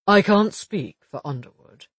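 A man voicing a shrewd male police detective in an audiobook, measured and wry, with a slightly husky voice. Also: high-pitched, expressive, fairly bright tone, no echo, full character voice. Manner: measured, wry, matter-of-fact. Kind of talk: audiobook dialogue reading.

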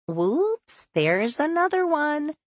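A woman narrator voicing a cheerful, soothing maternity nurse in her thirties, raising her pitch. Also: very animated, slow, dry recording, exaggerated voice. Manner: soothing and breezy.

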